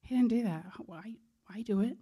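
A woman's voice: a little high, moderate pace, warm tone, breathy edge. A woman preaching a sermon in an earnest, conversational way.

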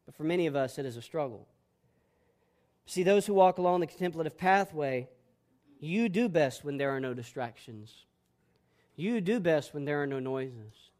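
A man preaching a sermon as pastor, boisterous and emphatic, swinging between loud declarations and hushed, soft passages. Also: a little high, lively intonation, normal speed, pauses often.

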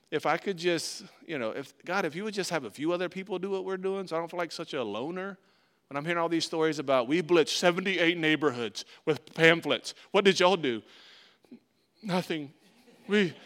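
A man preaching as pastor, talking to his congregation in a loose, conversational way. His voice sits a touch high and comes through smooth and clear. He slips into short spoken bits as God and Moses. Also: fairly bright tone. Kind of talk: sermon.

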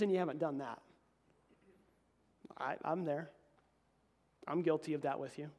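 A man preaching a sermon as pastor, reading scripture and swinging between emphatic peaks and quiet, low asides. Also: a little slow, pauses often. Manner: animated preaching, voice rising to emphatic peaks then dropping low.

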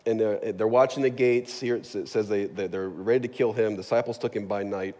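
This fairly low-pitched man speaks with a steady, mellow tone and a slightly fast pace. He's a pastor preaching casually and jokingly in a church sanctuary, regularly turning to the congregation with "right?" The sound carries a long hall reverb.

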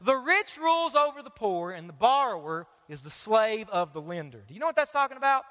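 A man preaching a sermon, energetic and joking, talking straight to the congregation. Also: sits high, brisk. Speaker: pastor. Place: large church auditorium. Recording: live sermon with long hall reverb.

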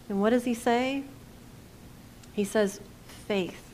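A woman's voice: a little high, fairly even intonation, unhurried, long pauses, a little hiss or hum. Woman preaching. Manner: conversational, asks the congregation questions; drops to a hushed voice for quoted lines. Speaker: pastor. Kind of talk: sermon.

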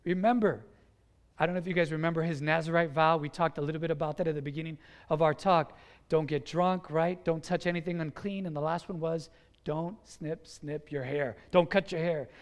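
A man's voice: on the high side, steady tone, brisk, big-room sound. A man preaching a sermon in a conversational, earnest way, telling a scripture story and urging the congregation. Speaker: pastor.

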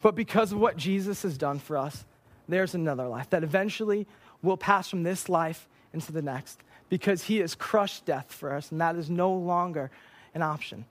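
A young man speaking as a youth pastor, preaching to a church group in a chatty storytelling way with animated quoted dialogue. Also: fairly high pitch, normal speed. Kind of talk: youth sermon with a personal story. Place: church service.

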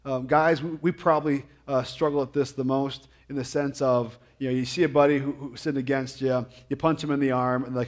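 A man's voice: mid-range voice, brisk, hardly any pauses. Stammering pastor man preaching casually. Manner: frequent stammered repetitions; jokey, animated asides. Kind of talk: conversational sermon.

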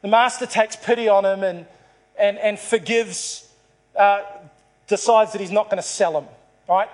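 A man's voice: high voice, fairly even intonation, a little slow. A man preaching a sermon to a congregation, telling a story and acting out its dialogue. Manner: storytelling, acts out dialogue in the parable. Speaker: pastor.

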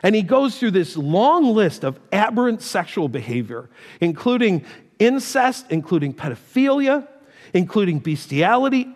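A middle-aged man preaches from the pulpit in a church, his fairly high voice trailing off into long hall reverb. He talks in an easy, emphatic way, pausing to tell stories between points. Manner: conversational, emphatic preaching with story asides. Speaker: pastor. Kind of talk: sermon.

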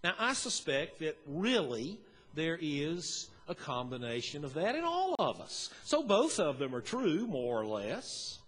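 Middle-aged male pastor, folksy sermon storyteller, slightly high voice, long church reverb. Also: huge pitch swings, unhurried, a bit bright. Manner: folksy, storytelling, chuckles often. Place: church sanctuary.

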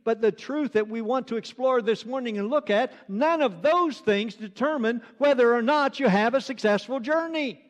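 In a reverberant church hall, an earnest male pastor with a notably high voice keeps returning to and repeating phrases to press each point. He talks at a moderate pace with hardly any pauses.

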